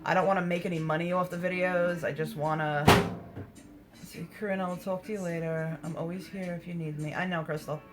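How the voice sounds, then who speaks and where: A woman's voice: on the low side, steady tone, a little fast, over loud music, rough recording. A woman hosting a casual livestream, answering viewer comments in a candid, blunt way, swearing freely and laughing often. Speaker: livestream host.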